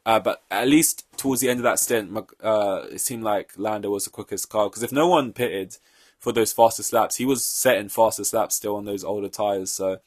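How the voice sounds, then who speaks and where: A man's voice: lowish voice, moderate pace, no echo. A young man hosting a solo podcast, reacting to a race in an offhand, rambling way, swearing freely. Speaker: podcast host.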